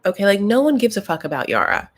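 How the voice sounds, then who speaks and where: A woman's voice: medium pitch, sing-song, fast talker. A woman hosting a casual show recap, talking in a gossipy, profane, ranting way.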